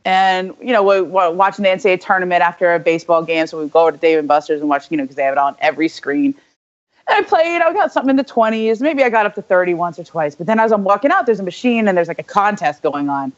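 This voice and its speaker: A young woman co-hosting a podcast, telling a story in a casual, animated way, full of "like" and quick asides. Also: on the low side, lo-fi sound. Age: young adult. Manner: animated, filler-heavy storytelling with lots of "like". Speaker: podcast co-host.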